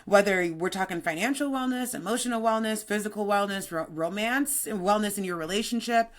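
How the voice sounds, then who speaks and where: A woman's voice: mid-range voice, brisk. Chatty woman podcast co-host. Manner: chatty, sassy and upbeat. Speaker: podcast co-host and fitness coach. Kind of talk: casual podcast chat.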